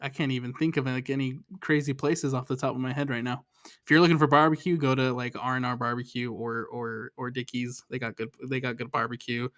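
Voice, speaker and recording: A relaxed man guesting on a casual sports podcast, with a medium-pitched voice that sounds close and completely dry. He hesitates often, restarting phrases and leaning on "um" and "like". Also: brisk, no room sound. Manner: relaxed, hesitant, many fillers. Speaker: guest from a fan show.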